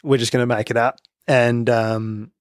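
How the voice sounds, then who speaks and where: A man's voice: medium pitch, little pitch movement, normal speed, no room sound, studio quality. A young Australian man co-hosting a sports podcast, laid-back and casual, dropping "mate" often. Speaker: podcast co-host.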